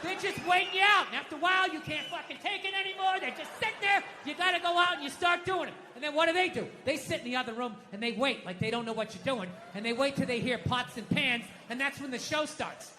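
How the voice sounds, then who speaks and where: A middle-aged American man doing stand-up comedy, ranting loudly and profanely with mock outbursts. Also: extremely high pitch, quick pace, few pauses, background noise. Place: comedy stage. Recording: live venue with long reverb.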